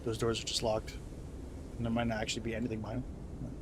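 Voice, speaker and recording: A man at a middle pitch chatting loosely while he plays, trailing off into fillers and restarts as he talks to his viewers. Steady noise sits behind his voice. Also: fast. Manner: rambling, filler-heavy, talks to chat. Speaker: streamer playing a game. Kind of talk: casual gameplay commentary. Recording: noisy background.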